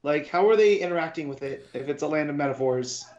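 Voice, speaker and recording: A man co-hosting a casual comic book review podcast, rambling and thinking out loud with many restarts. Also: fairly high pitch, animated, fast, dull audio. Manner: rambling, talks through his confusion with restarts. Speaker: podcast co-host.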